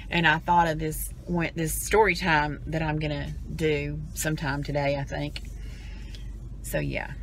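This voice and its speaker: A woman's voice: sits low, level tone, normal speed, a bit bright, a little hiss or hum. A woman with a Southern US accent, chatting and rambling to her camera as a vlogger, in a car and out of doors. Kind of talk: casual chat to camera.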